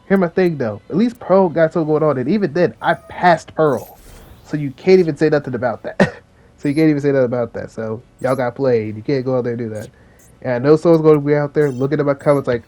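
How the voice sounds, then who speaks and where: A man's voice: a little high, lively intonation, fast talker, darkish tone. A young man hosting a casual commentary video, rambling with slang and lots of fillers. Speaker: video host.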